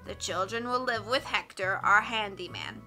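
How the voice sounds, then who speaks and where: Old council elder read by a woman, slow and soothing, bright reader voice. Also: mid-range voice, soft background music, natural voice. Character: very old man of the village council.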